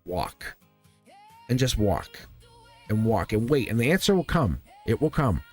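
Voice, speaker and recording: A man's voice: fairly low pitch, huge pitch swings, unhurried, breathy edge. A man hosts a live tarot stream, talking in a loose, rambling way that keeps circling back to reassure his viewers. He checks in with the audience over and over. Faint music plays underneath his voice. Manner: loose, rambling, encouraging, often checking in with "right?". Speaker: tarot reader and channel host.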